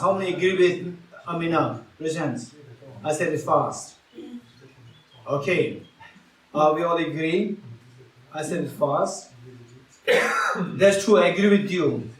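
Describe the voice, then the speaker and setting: High-voiced man teaching in a roomy hall. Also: unhurried, long pauses, a little hiss or hum. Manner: engages audience with questions, repeats phrases. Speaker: Buddhist teacher. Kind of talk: interactive dharma teaching. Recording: roomy hall sound from far off.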